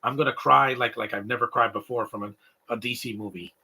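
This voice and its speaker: A young adult man from Canada, co-hosting a live stream in rambling, animated comedic chat. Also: medium pitch, a little fast, slightly rough. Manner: rambling, animated, mimics stutters and sobbing noises.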